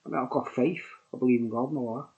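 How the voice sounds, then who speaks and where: A man's voice: medium pitch, fast, darkish tone, highs cut off. A tipsy man rambling on camera in a casual monologue, repeating himself and tagging lines with "mate" and "right?". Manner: rambling, repetitive, keeps adding "mate" and "right?". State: tipsy from drinking. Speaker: vlogger reviewing beer.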